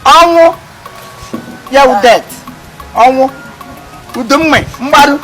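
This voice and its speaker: A man with a Nigerian accent performing a comedy skit as an uncle, loud and theatrical, stammering and wailing. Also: extremely high pitch, slow, rough recording. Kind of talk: comedy skit, mixing Igbo and pidgin English. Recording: music playing behind.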